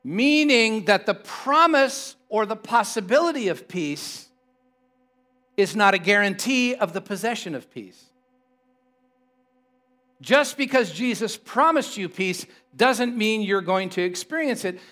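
A man's voice: high voice, lively intonation, measured pace, pushed and bright. A man preaching a sermon to a congregation, conversational and playful, often joking with the people in the room. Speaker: pastor.

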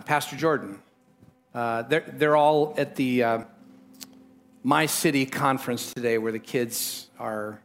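A middle-aged pastor delivers a sermon emphatically, telling it like a story, his pitch jumping suddenly upward.

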